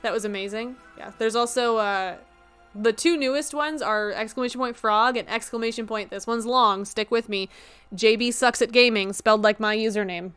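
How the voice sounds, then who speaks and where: A woman with a slightly high voice chats casually while live-streaming a game. She rambles and jokes at her own expense, and she sounds a bit tired. Soft music plays in the background. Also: moderate pace, smooth. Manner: rambling, joking and self-mocking.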